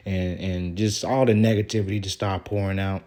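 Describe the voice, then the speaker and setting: Deep-voiced man venting in a rambling vlog. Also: little pitch movement, normal speed, dark tone. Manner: rambling and aggrieved, with casual profanity. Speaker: vlogger. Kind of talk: venting vlog monologue reading out texts.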